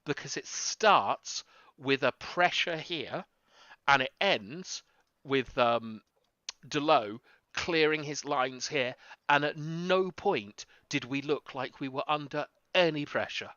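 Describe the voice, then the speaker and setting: A football tactical analyst explains his breakdown earnestly on a live stream, slowly and with plenty of ums. His voice is a little high with a sharp tone, and the recording has no room sound and cut-off highs.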